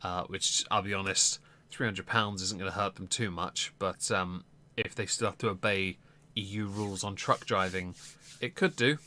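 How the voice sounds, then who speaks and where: A man's voice: sits low, steady tone, moderate pace, pushed and bright. A man hosting a political live stream, giving casual commentary with lots of ums and blunt swearing.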